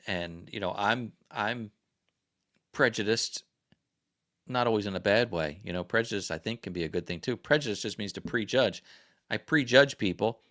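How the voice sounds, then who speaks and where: A man's voice: on the low side, a bit bright. A man hosting a casual livestream chat, rambling and chatty and often correcting himself. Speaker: livestream host.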